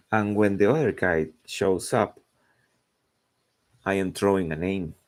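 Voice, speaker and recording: A man's voice: low voice, slow. A man chatting casually while drawing, rambling and searching for words. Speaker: artist narrating his drawing.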